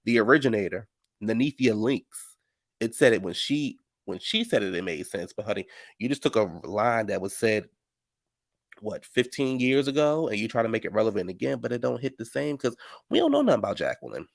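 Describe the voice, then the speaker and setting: Casting note: male recap commentator, sassy and gossipy, AAVE, mid-pitched, dry close sound. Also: fairly quick, vocal fry, dry recording. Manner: sassy, gossipy, animated storytelling with "honey" and "child".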